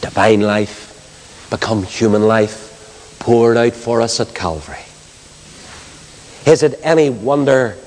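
A man preaching an impassioned evangelistic sermon, swinging from loud exclamations to hushed storytelling. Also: on the low side. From Northern Ireland. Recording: long hall reverb.

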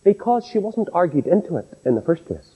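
Northern Irish preacher, storytelling in a hall. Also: male voice, a little fast, husky. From Northern Ireland. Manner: animated storytelling, folksy asides, swoops from high exclaims to low confiding. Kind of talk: sermon. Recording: dull lo-fi tape in a reverberant hall.

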